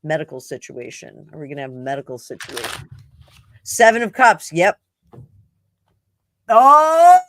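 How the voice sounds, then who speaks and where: A woman's voice: sits low, sing-song, brisk, fairly bright tone, a little hiss or hum. A woman from New Jersey co-hosting a tarot show in casual, joking chat, laughing often. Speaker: tarot reader co-host.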